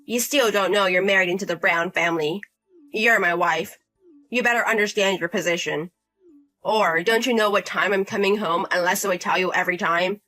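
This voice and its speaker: Woman doing a bossy arrogant guy in his 30s, bright sharp voice, super condescending. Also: mid-range voice, moderate pace, soft background music, lightly acted. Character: arrogant entitled man in his thirties.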